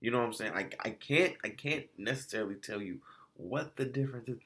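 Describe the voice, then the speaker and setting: A man casually reviewing food spots in a vlog, telling it as an animated, slangy story full of restarts and quoted exchanges. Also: mid-range voice, a little fast.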